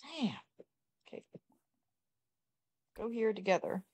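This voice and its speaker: A woman commenting on her own gameplay in a casual, exasperated way. She swears freely and scolds the characters on screen. Her pitch jumps around a lot, rising and falling. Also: lively intonation, takes it slowly, darkish tone. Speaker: gamer.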